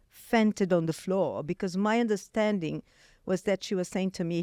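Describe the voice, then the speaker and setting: A woman's voice: on the low side, measured pace, clear, resonant tone, dry recording, studio quality. Brazilian-accented woman telling a personal story. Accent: Brazilian Portuguese. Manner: animated, many restarts and fillers. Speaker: guest.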